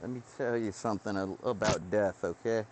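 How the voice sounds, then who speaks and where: A man voicing a weary, world-worn male doctor who talks in a low, heavy, confiding way. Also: normal speed, background noise, natural voice. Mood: grave.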